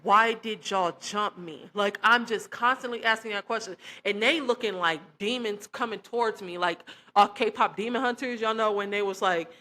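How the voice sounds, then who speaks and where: Animated woman telling her story, bright voice. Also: medium pitch, moderate pace, few pauses. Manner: animated, emphatic, addresses viewers as y'all. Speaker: vlogger sharing her testimony. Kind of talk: casual storytelling to camera.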